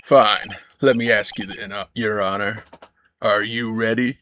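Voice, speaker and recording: A man's voice: fairly low pitch, steady tone, a little slow, bright, forceful tone, a little hiss or hum. A man voicing a cold, cocky male prosecutor in a fan dub of a video game, blunt and mocking. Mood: scornful.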